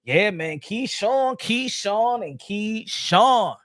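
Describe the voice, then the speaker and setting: A man hosting a boxing livestream, excitable and repetitive, dropping in Spanish phrases. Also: sits high, takes it slowly, dry recording, studio quality. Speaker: boxing show host.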